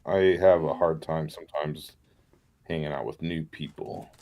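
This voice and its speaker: A man with a deep voice, a pastor chatting casually and laughing easily while crafting on a live show. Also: measured pace. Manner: relaxed, laughs often, self-deprecating.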